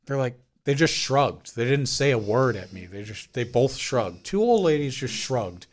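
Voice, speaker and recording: A young man holds court in a casual podcast chat, spinning an anecdote with plenty of cursing. He slips into the voices of the people he quotes. His voice sits at an ordinary, mid-range pitch. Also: normal speed. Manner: animated storyteller, swears freely, mimics people he quotes. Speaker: podcast co-host.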